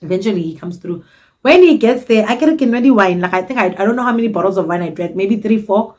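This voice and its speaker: South African woman, twenties, vlogger, dramatic cheeky storyteller, mid-pitched voice. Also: expressive, fast, darkish tone. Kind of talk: casual storytime.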